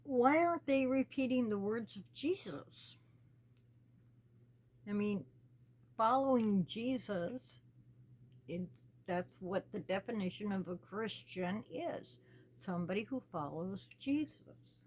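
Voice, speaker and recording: A woman speaks to her small channel in a slow, deliberate way, leaving long pauses between her phrases. Her manner is earnest and pleading, with a voice sitting at an ordinary middle pitch. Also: lively intonation, darkish tone. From United States. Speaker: channel host. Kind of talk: personal spoken commentary.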